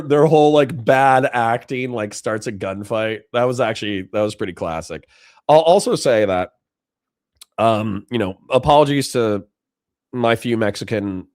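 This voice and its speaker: A man hosting a reaction show in casual commentary, animated and profane. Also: lowish voice, a little slow, no room sound, studio quality. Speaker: host.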